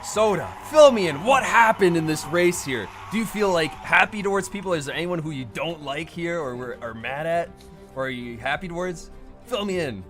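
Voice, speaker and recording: A man hosting a live racing stream, interviewing drivers in an excitable, joking way. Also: moderate pace. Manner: excitable and joking, swearing, lively pitch swings. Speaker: race host and interviewer. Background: music.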